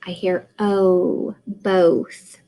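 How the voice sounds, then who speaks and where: Slow, deliberate woman teaching phonics. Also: fairly low pitch, little pitch movement, dark tone, rough recording. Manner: slow, deliberate, sounds out vowels. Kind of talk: phonics lesson.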